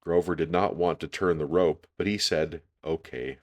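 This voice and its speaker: A man reading a children's picture book aloud, calm and deliberate. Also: deep voice. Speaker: storyteller.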